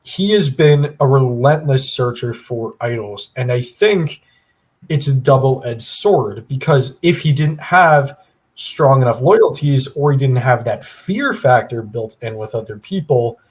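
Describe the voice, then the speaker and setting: A man's voice: mid-range voice, lively intonation, unhurried. A man co-hosting a podcast, giving a long, opinionated analysis in casual chat with plenty of fillers. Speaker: podcast co-host.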